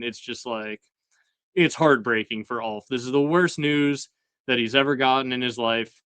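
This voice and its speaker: A man hosting a casual episode recap chat, talking in a relaxed way with lots of fillers and chuckling asides. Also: medium pitch, normal speed, smooth, no echo. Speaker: show host.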